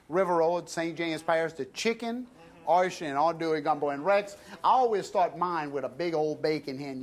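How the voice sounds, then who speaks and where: Middle-aged south louisiana guy cooking on tv, chatty, lots of y'alls, highish voice. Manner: folksy, chatty, addresses audience as y'all. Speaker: TV cooking show chef. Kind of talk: cooking demonstration.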